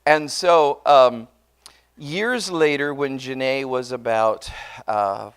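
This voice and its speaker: A man's voice: medium pitch, slow pace, clear, resonant tone. Earnest man telling a sermon story. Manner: conversational and earnest, often restarting words; addresses the congregation directly. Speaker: pastor. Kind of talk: sermon told as a personal story.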